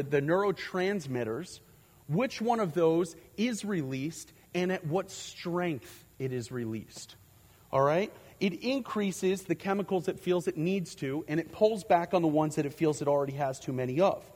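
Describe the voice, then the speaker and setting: A pastor delivers a sermon on faith and anxiety, teaching his congregation earnestly. His voice is fairly high and a little mellow, and he repeats words, uses many fillers, and often restarts. A long hall reverb surrounds the recording.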